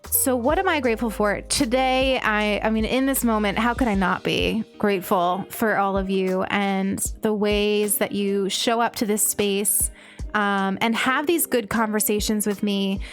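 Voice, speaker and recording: A woman streaming live who reads her chat aloud in a gentle, affectionate, heartfelt way, talking softly with many pauses and ums. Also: mid-range voice, steady tone. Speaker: Twitch streamer reading chat. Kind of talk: casual livestream chat. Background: faint game music.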